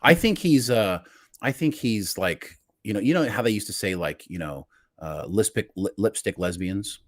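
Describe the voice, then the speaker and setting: Male podcast host, low and lively, teasing, dry close mic. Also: moderate pace, no room sound. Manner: animated and teasing, leading the show. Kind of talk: casual chat.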